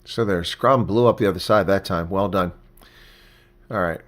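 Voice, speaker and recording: At a moderate pace and in a low voice, a man provides casual live commentary reacting to a rugby match. He chats, thanks viewers, and grows excited whenever there's a big play.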